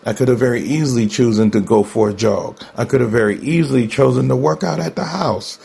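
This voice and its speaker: This host's voice is medium in pitch, gravelly and slightly rough, with a dark tone and a slightly fast pace. Alone on his talk show, he chats candidly, laughs a lot, and says things twice to drive them home.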